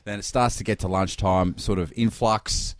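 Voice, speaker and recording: A man with a very low, deep voice tells his travel stories in a loose, rambling way. He is chatting casually on a podcast. The sound is dry and close, with no room echo. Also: steady tone, moderate pace. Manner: rambling anecdotal storytelling. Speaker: podcast co-host back from travel. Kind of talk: casual chat.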